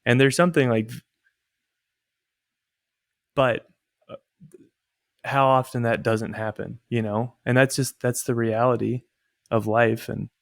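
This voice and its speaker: A man's voice: mid-range voice, little pitch movement, unhurried, creaky, pauses often, dry recording, clean studio sound. A man co-hosting a podcast, talking in a reflective, thoughtful, casual way. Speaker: podcast co-host. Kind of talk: casual chat.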